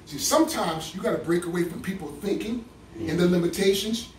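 A man preaching a sermon in a church, repeating his phrases, drawing answers from the congregation and breaking into shouts. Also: high voice, brisk, slight background noise. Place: church sanctuary. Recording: echoey room, mic far off.

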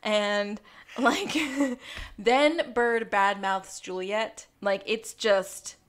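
A woman's voice: medium pitch, drawn-out words, clean tone. A woman co-hosting a podcast, recapping a TV episode in casual chat and laughing often. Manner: giggly, animated, laughs often. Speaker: podcast co-host.

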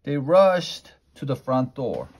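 A man reading a children's storybook aloud in a plain, unhurried way, slowing down for effect. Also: mid-range voice, sing-song, darkish tone, husky. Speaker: storybook reader.

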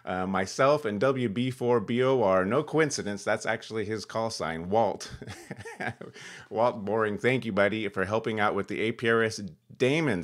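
A Californian man with a lowish, slightly bright voice hosts a ham radio channel. In this casual demo vlog, he explains a radio demo in a rambling way, chuckling and using lots of fillers.

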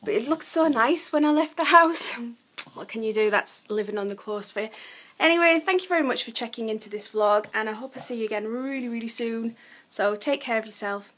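A woman's voice: on the high side, brisk, fairly bright tone, dry recording. A young woman from North East England chatting casually to her camera while walking her dog along the coast, frustrated and full of fillers. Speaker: vlogger. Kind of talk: casual vlog narration.

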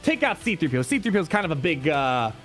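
A young man giving live gameplay commentary as a streamer, talking to his chat and shifting quickly between calm and excited. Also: on the high side, soft background music. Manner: excitable, talks to chat, quick mood swings.

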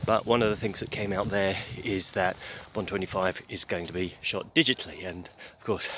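Winded, low-voiced man walking outdoors. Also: fairly even intonation. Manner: halting, many fillers and restarts. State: out of breath from walking uphill. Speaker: host of a daily podcast. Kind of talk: casual spoken news update. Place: outdoors on a hill. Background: clear outdoor noise.

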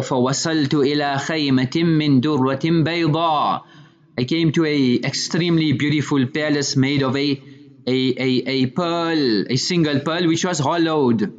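Man retelling a story in a lecture. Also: fairly high pitch. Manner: repeats words and piles up synonyms; recites Arabic passages then paraphrases in English. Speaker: Islamic lecturer. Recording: dull lo-fi recording.

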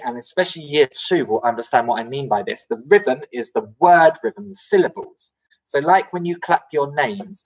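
A woman's voice: sits low, husky, low-quality recording. A woman who teaches music to young children, singing call-and-response songs and explaining them in a friendly, chatty way. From England. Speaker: primary school music teacher. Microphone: recorded at home for a video lesson.

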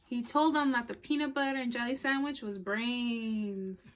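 A woman children's librarian reads a picture book aloud at storytime, her voice sitting a little high. She talks in a chatty way, pausing to ask her young listeners questions and laughing along as she goes. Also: steady tone.

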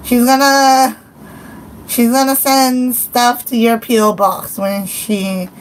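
A woman's voice: fairly high pitch, level tone, takes it slowly, slight background noise, poor audio. A young woman, hosting a casual livestream and chatting in a giggly, scattered, playful way. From Hawaii. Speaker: livestream host.

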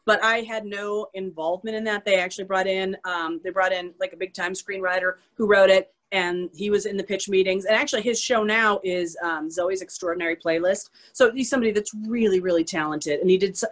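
A woman's voice: medium pitch, fairly even intonation, brisk, few pauses. Chatty woman author, self-deprecating, rambling, video-call sound. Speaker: author guest. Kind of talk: casual chat on a virtual author event.

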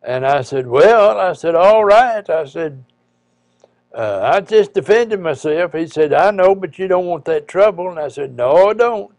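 A man, a preacher, telling a personal story in a folksy, halting way with frequent pauses and restarts. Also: sits high, expressive, a little mellow, no room sound.

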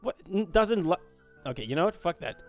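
A man joking and swearing his way through a fantasy game in casual let's-play commentary. His voice sits a little high and swings widely. Game music hums faintly behind. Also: fairly quick. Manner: joking, profane, excitable. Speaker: gaming video host.

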